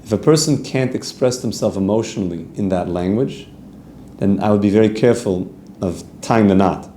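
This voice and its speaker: A man's voice: on the low side, normal speed, warm tone, roomy sound, slight background noise. A man, a rabbi giving an earnest, conversational Torah class, reading Hebrew text aloud and translating it as he goes. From Canada.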